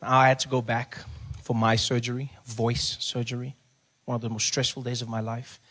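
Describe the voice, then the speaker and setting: A man with a South African accent doing animated stand-up comedy and chatty crowd work in front of a live audience. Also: mid-range voice, moderate pace. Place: stage before a live audience.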